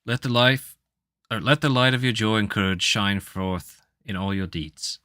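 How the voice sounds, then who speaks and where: Solemn male mentor spirit, done by a man in his own voice, crisp bright tone, dry sound. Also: lowish voice, normal speed, dry recording. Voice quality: tired, no accent attempted. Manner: solemn, reciting an oath line by line.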